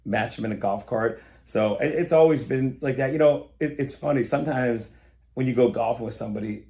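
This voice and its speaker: A man as a podcast guest, telling stories in a casual, animated way and acting out the dialogue. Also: mid-range voice, a little fast, vocal fry. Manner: animated storyteller, acts out quoted dialogue. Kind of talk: casual storytelling chat.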